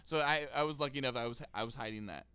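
A man's voice: mid-range voice, rapid-fire, bright, forceful tone, smooth, no room sound. A man in his thirties co-hosting a comedy podcast about a movie, talking animatedly, swearing and acting out the characters' lines. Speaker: podcast co-host. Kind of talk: casual comedic movie chat.

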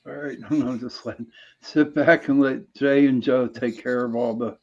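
Easygoing man with a mellow voice. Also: mid-range voice, steady tone, moderate pace, dull audio. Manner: easygoing, joking. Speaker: show co-host. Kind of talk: casual news chat.

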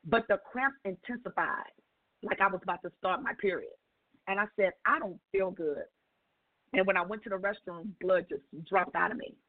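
Woman telling a story down a phone line. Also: moderate pace. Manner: expressive, acts out dialogue with big pitch jumps. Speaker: call-in guest sharing a testimony. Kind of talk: animated storytelling on a call-in show. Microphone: telephone.

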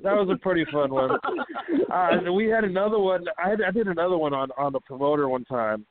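A man's voice: high-pitched, animated, brisk, gravelly, no room sound. A man hosting a wrestling radio show, telling a long profane backstage story in a loose, rambling way full of fillers. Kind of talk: casual storytelling. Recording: tinny phone-line sound with faint hiss.

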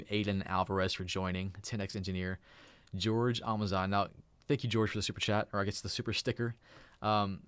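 Male streamer host, low-ish voice, dry close sound; loose, eager, laughs a lot. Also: smooth, no echo. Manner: excitable and chatty, laughs often. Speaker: YouTube live streamer and host. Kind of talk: casual live-stream chat.

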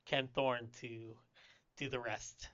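A man's voice: medium pitch, level tone, takes it slowly, fairly bright tone. A man co-hosting a casual podcast, dropping wry joking asides about movies. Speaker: podcast co-host. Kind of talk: casual film chat, jokey asides. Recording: dull lo-fi podcast audio.

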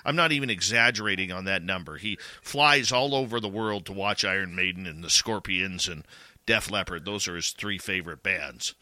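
A man's voice: deep voice, normal speed, pushed and bright, no echo. A man with a Canadian accent hosting a radio talk show, chatting casually in a rambling way with many restarts. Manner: rambling, full of restarts and "you know".

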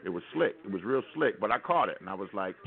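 An American man calls into a talk radio show and tells a rambling, wry story, restarting himself again and again. His voice is fairly low, gravelly, expressive and quick, and it comes through a tinny telephone line.

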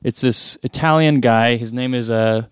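A man with a smooth, resonant, mid-pitched voice, chatting on a podcast and swearing casually. The sound is dry and close to the mic. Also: normal speed, no room sound. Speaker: podcast co-host. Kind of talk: casual chat.

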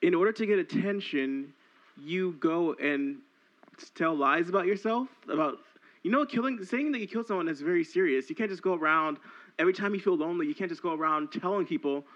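Slightly high-voiced man doing improv. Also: fairly quick, fairly bright tone. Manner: hesitant, stammering restarts. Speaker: improv performer. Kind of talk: improv comedy scene. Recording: dull lo-fi sound.

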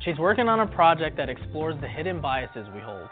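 A man's voice: a little high, sing-song, fairly quick. A man narrating a scripted documentary segment in a wry, playful way. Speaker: video narrator. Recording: tinny lo-fi clip with faint music.

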